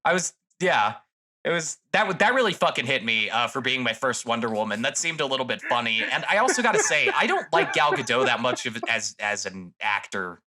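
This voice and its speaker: A man's voice: mid-range voice, very animated, a little fast, few pauses, bright, forceful tone. A young man co-hosting a podcast in casual chat, swearing freely and restarting his sentences often. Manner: profane, rambling, with many restarts. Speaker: podcast co-host.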